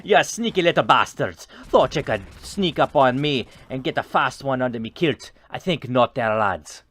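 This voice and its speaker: A man voicing a gruff Scottish tough guy in a deliberately bad put-on Scottish accent, blustering and taunting. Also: medium pitch, expressive, fairly bright tone.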